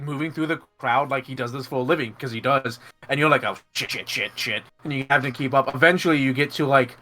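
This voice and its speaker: A man running a tabletop game, rambling and laughing as he narrates and slips into quick side characters. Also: medium pitch, pushed and bright. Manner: rambling, laughing, lots of fillers and restarts. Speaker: game master. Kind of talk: narrating a tabletop game, voicing NPCs in passing.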